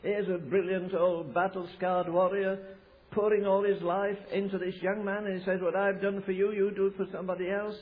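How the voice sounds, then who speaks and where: A high-pitched man from America delivers a sermon, spinning anecdotes with emphatic, halting restarts. His voice comes through a thin, phone-like recording that strips away the lows and highs. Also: little pitch movement. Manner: storytelling, emphatic, with frequent restarts. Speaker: preacher. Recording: tinny, phone-like low-fidelity recording.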